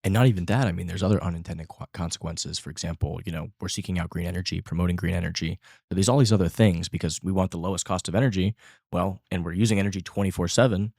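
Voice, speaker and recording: A man's voice: deep voice, fairly even intonation, fast talker, gravelly, darkish tone, no echo, clean studio sound. A man hosting a podcast interview, chatting casually and agreeing enthusiastically. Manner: enthusiastic, lots of agreeing fillers. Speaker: podcast host.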